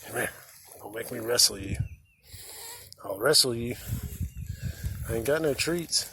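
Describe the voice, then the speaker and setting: A man's voice: mid-range voice, a little slow. A man chatting to cows in a pasture, coaxing and cooing at them in a playful way. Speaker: vlogger. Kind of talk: casual chat to farm animals. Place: outdoor farm pasture with cows. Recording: noisy outdoor farm sound.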